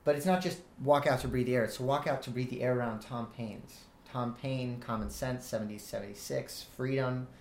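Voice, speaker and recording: A young man talks through song lyrics with earnest, analytical care, pausing with small fillers before reciting lines. His voice sits at an ordinary middle pitch. The room gives it a noticeable echo. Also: steady tone, a little mellow, a little hiss or hum. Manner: earnest, quotes lyrics with hesitations. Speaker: student interviewer. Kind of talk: analytical discussion. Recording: roomy echo.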